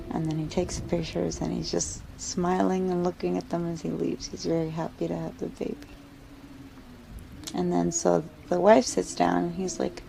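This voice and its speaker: A woman's voice: fairly low pitch, little pitch movement, normal speed, gravelly, mellow, a little hiss or hum, low-quality recording. A woman casually telling a scary story aloud, with a loose, filler-heavy way of talking.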